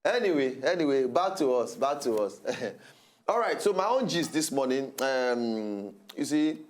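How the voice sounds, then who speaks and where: A man's voice: mid-range voice, expressive, unhurried. A man with a Nigerian accent co-hosting a TV chat show, playful and bantering. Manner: playful, banters and mimics voices. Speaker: TV co-host. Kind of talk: casual chat in Pidgin.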